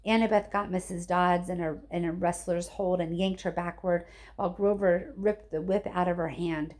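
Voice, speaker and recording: A woman teacher reading a chapter of a novel aloud to her students, expressive and chatty with her listeners. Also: fairly low pitch, moderate pace.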